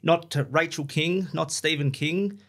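A man with an Australian accent hosting a podcast who asks his guest questions in an unhurried way. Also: fairly high pitch, fairly bright tone. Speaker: podcast host. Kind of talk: interview questions.

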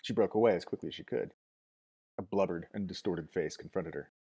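A man reading a novel aloud as narrator, at a steady measured pace with small restarts. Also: sits low, breathy edge. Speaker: audiobook narrator.

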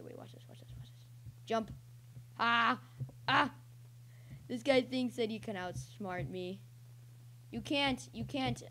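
A young woman casually commentating her own online gameplay as a channel host, rambling and breaking into excited yelps and cheers. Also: medium pitch.

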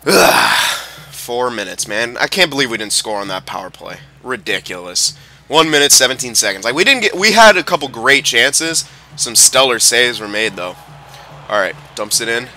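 Young male gamer, animated and bright, reacting loudly to gameplay. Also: mid-range voice, normal speed, faint music behind. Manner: excitable, swears and yells at players. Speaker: gameplay commentator. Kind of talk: live game commentary.

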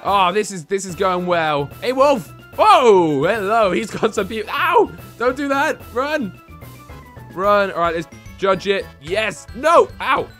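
Excitable high-voiced gaming man. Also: slow, soft background music. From England. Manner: excitable, shouts and squeals when in danger. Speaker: gaming YouTuber. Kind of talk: let's-play commentary.

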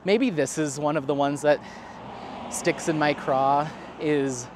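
A man's voice: on the high side, steady tone, slow pace. Man, crafting vlogger, casual rambling chat, self-deprecating laughs, faint street noise. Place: outdoors on a neighborhood dog walk.

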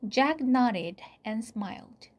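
Slow, soft storybook reader. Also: female voice, a little high, expressive. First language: Korean. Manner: soft, often dropping to a whisper. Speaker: channel host reading aloud. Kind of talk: slow read-aloud storybook narration.

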